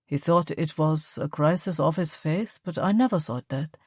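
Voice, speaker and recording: A woman's voice: low voice, normal speed, a little mellow, no room sound, studio quality. Earnest grateful woman, as a reader speaks her.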